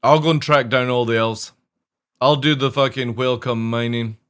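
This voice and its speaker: A man's voice: medium pitch, steady tone, normal speed, fairly bright tone, clear, resonant tone. A man streaming a game, ranting casually about its design, swearing often and sounding exasperated. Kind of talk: profane casual rant while streaming.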